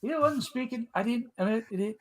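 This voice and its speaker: A man chatting casually as a podcast co-host, his voice sitting fairly high. He talks loosely, restarts and repeats words, and laughs easily. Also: brisk, a bit bright. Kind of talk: casual chat.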